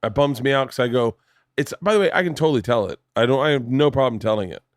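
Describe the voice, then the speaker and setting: A man in his forties hosting a podcast in a home studio, telling animated stories and acting out the voices of the people in them. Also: medium pitch, quick pace, no room sound. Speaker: podcast host. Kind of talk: casual chat.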